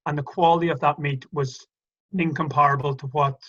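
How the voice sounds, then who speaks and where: A man's voice: on the high side, steady tone, a little fast, fairly bright tone, muffled recording. An Irish man talking as a guest in a casual interview, telling stories in a chatty, hesitant way with many restarts.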